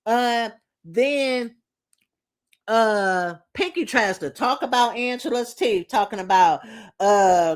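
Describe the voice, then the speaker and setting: A woman's voice: on the high side, slow pace. Sassy woman recapping reality TV. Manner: sassy, opinionated, quotes the cast with attitude. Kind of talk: casual episode recap.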